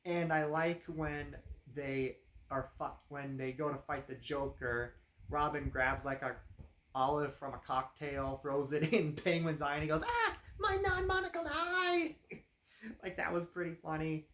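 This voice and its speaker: A man talks through a movie review in a loose, rambling way, full of fillers and dry, sarcastic asides. His voice sits a touch higher than most men's. The room around him adds a noticeable echo. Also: steady tone, measured pace, a bit bright. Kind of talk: casual spoken review. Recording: roomy echo.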